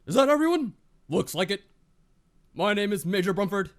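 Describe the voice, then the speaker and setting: A man's voice: high voice, sing-song, moderate pace, pitched above the performer's own voice. A man putting on a bellowing drill sergeant major. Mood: barking. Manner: barking commands, sneering insults. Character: gruff male drill sergeant major, bullying and pompous. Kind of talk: visual novel voice acting on a live stream.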